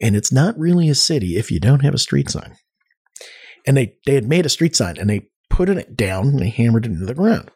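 A man telling stories in a casual podcast chat, animated and rambling, with many restarts. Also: medium pitch, a little fast, slightly rough. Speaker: podcast guest.

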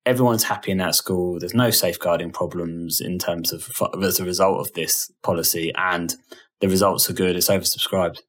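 Deep, husky male podcast host. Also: steady tone, fairly quick, a bit bright. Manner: thoughtful, hesitant with repeats. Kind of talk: casual podcast chat.

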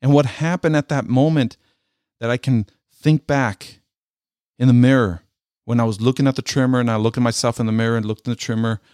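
A middle-aged man, a military veteran, telling a personal story in an earnest, halting way and often repeating his words. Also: mid-range voice, steady tone, a little mellow, clear, resonant tone, dry recording, studio quality.

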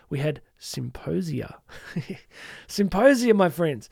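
A man's voice: on the high side, dry recording. Upbeat male podcast host, dry close mic. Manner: warm, playful asides, slows for emphasis. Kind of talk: inspirational podcast talk.

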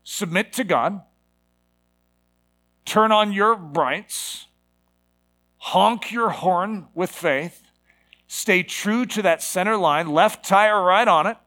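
A man's voice: sits high, slow, long pauses, sharp tone. A man preaching a sermon, moving from a personal story to emphatic exhortation.

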